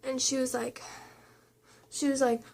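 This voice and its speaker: A woman's voice: sits high, level tone, measured pace, gravelly, darkish tone. A young adult woman vlogger chatting casually, retelling a personal story in a rambling way full of fillers and quoted dialogue.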